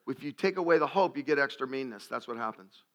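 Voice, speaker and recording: A man preaching a sermon to a live audience, asking questions and rising to loud, emphatic peaks. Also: mid-range voice, expressive, fast. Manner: asks the crowd questions, gets loud and shouting at climaxes. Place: live event before an audience.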